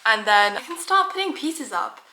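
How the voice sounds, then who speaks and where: A young woman vlogging to camera in a chatty, excitable, self-mocking way. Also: high-pitched, moderate pace, very noisy. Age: young adult. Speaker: student vlogger. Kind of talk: casual vlog talk to camera. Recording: echoey room sound.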